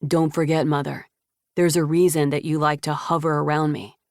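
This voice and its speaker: A woman's voice: sits low, moderate pace, no echo, clean studio sound, natural voice. A woman narrator voicing a protective young man who firmly stands up to his mother in an audiobook. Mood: defiant. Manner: firm, defiant.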